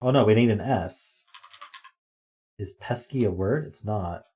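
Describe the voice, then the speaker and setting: A man's voice: on the low side, measured pace, mellow. A man streaming live, chatting casually as he works through word games and thinks aloud with ums and guesses. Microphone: desk microphone.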